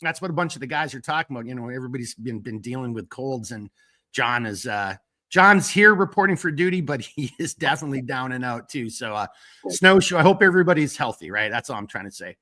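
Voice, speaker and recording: A man hosting a live stream, chatting casually and rambling through fillers while reading out viewer shout-outs. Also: medium pitch, animated, fast. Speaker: host of a live stream talk show.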